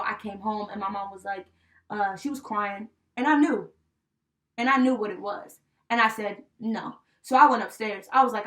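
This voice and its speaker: A young woman with a somewhat high voice shares a personal story in relaxed podcast chat. She is heartfelt and animated and leans on fillers like "you know" and "right?". Her voice sits a bit back from the microphone. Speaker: podcast co-host. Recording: voice a bit distant from the mic.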